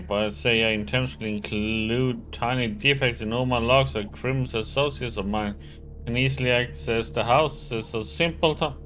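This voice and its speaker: A man voicing an annoyed, nasal male locksmith who defends himself fast, reading game dialogue aloud. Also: medium pitch, sharp tone, slight background noise, voice pushed up, close to an everyday voice. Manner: indignant, rapid self-defense.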